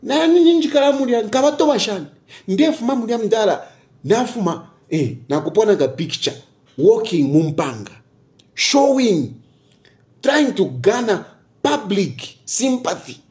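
A man with a Zambian accent delivers fiery political commentary, his voice rising and falling dramatically as he repeats his key lines. He keeps throwing out rhetorical questions in a darker, mellow tone. He slips between English and local phrases without pause. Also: sits high, sing-song.

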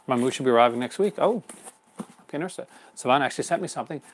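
A man's voice: medium pitch, expressive, very fast, a little hiss or hum. A man hosting a live unboxing stream in casual chat, rambling and chuckling often. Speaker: host.

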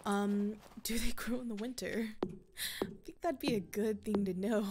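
A woman's voice: medium pitch, fairly even intonation, unhurried, heavy background noise. A woman giving casual gameplay commentary as a let's play creator, rambling and thinking aloud with frequent laughs. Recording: loud mouse and keyboard clicks.

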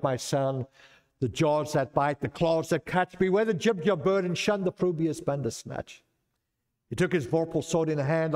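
A man reciting a nonsense poem in a put-on Scottish accent, theatrically, climbing high and loud at the climaxes. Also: lightly acted. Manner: theatrical recitation, rising to near shouting at climaxes.

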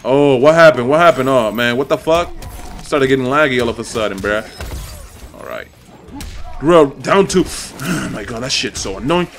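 A young man hosting his gaming channel, commentating live ranked matches with constant profanity and excitable trash talk aimed at his opponents. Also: medium pitch, normal speed, soft background music.

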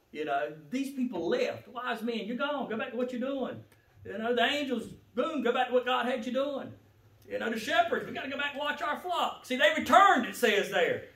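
Fervent preacher in an echoey church. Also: male voice. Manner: fervent preaching, swinging from low and quiet to loud and shouting. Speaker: pastor. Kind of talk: sermon. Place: church sanctuary. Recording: echoey church sanctuary, mic at a distance.

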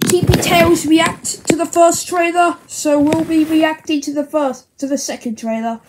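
A woman hosting a casual toy reaction video, chatting excitedly and talking to her toys. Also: high voice, moderate pace. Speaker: toy-play channel host. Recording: loud background hiss and clicks.

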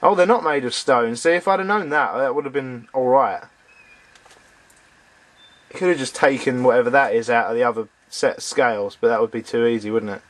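A man's voice: mid-range voice, brisk. Grumbling man commentating a game. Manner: grumbling, sarcastic, talks to the game characters. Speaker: let's play commentator. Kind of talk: casual gameplay commentary.

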